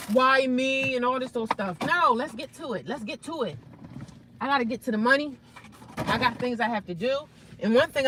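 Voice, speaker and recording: Woman, vlogger, casual talk to camera, frank and emphatic, bright voice. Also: fairly high pitch, a little hiss or hum. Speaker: vlogger living in a shelter.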